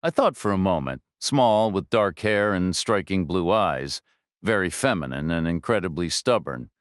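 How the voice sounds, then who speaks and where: A man narrating a thriller audiobook in first person, measured, low-key and dry. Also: expressive, no room sound.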